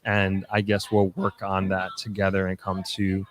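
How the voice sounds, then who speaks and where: A young man talks casually on a live stream, going through viewer questions one by one. His voice sits a little low, and his answers ramble with restarts, fillers and small asides. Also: completely flat delivery, normal speed. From New York, United States. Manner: reads out comments then answers, with frequent restarts and fillers. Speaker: livestream host answering viewer comments.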